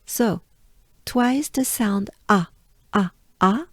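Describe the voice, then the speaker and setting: A woman's voice: mid-range voice, drawn-out words, pauses often, darkish tone, breathy edge, dry recording, clean studio sound. A woman from France with a French accent, teaching pronunciation patiently and drilling each syllable aloud. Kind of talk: slow pronunciation lesson.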